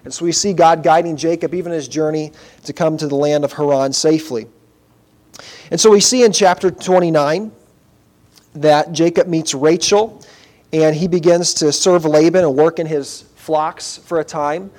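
A man delivering a sermon in a voice a little higher than most. He speaks earnestly but in a conversational tone, now and then turning to address the congregation directly. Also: steady tone, normal speed, darkish tone. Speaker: pastor.

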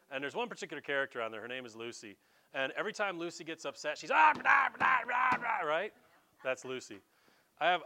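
A man's voice: a little high, smooth. A middle-aged man, preaching a folksy, joking sermon as pastor. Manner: folksy, animated preaching with jokes and asides.

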